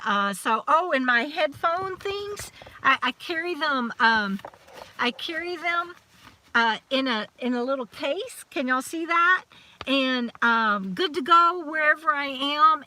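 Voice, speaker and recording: A woman's voice: a little high, sharp tone. A middle-aged woman hosting a casual live chat, rambling and restarting her sentences. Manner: chatty, rambling, frequent restarts and laughs.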